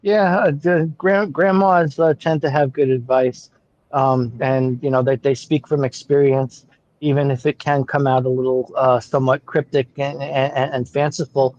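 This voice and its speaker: A man's voice: medium pitch, steady tone, moderate pace, darkish tone, no room sound. A man in a casual chat, giving friendly comments with lots of repeated words and hesitations. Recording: dull lo-fi sound.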